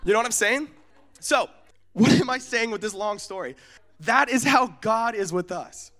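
A young man from Oregon preaching in a casual, storytelling way, animated and acting out the voices in his stories. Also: high voice, normal speed. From United States, Oregon. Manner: casual, often asks "you know what I'm saying?". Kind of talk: storytelling sermon.

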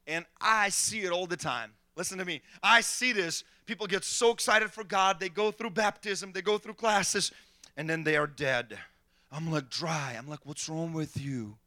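High, bright-voiced pastor preaching. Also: male voice, normal speed. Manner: animated storytelling, acting out quotes. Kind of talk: sermon.

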